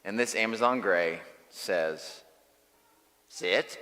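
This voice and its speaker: A man's voice: mid-range voice, unhurried, bright, forceful tone, in a large hall. A man preaching a sermon as pastor, telling a story in short, emphatic phrases.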